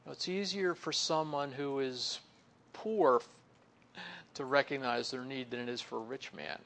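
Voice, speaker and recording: A man preaching a conversational sermon, leaning on "you know" and stretching key words slowly before dropping to a soft, low close. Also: vocal fry. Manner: folksy, fills pauses with "you know". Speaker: pastor or Bible teacher.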